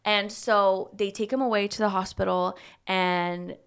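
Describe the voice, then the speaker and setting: A young woman co-hosting a podcast, casually retelling a horror movie plot with lively acted-out lines and casual swearing. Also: mid-range voice, a little slow, clean tone. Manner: animated storytelling, acting out lines, swears casually. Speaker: podcast co-host.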